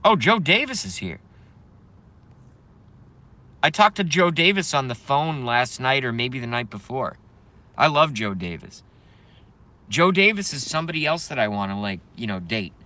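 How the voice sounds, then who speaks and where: Casual streamer guy, bright clear tone, loose rambling delivery, jokes around with chat. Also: medium pitch, animated, normal speed. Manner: rambling, joking, reads chat aloud. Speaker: live stream host.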